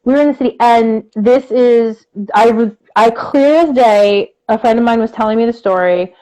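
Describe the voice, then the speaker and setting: Animated woman telling a story. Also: on the high side, normal speed, poor audio. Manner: animated, acts out the people in her story, many fillers. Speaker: co-host. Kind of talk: casual storytelling chat.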